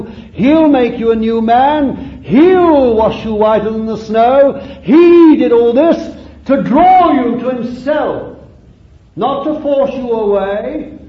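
A male preacher delivering an impassioned sermon that rises and falls, with drawn-out phrases. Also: extremely high pitch. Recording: roomy, dull lo-fi recording.

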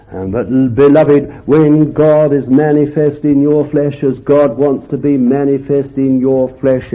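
A man preaching a fervent sermon, swinging between loud exclamations and quiet asides. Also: medium pitch. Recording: dull lo-fi recording.

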